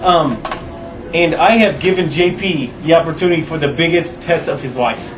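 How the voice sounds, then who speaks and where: A man's voice: fairly high pitch, normal speed, natural voice. Man as a rambling bookie. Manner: rambling, repetitive storyteller. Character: boastful male bookie and agent. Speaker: interviewee. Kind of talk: improvised mockumentary acting. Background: music.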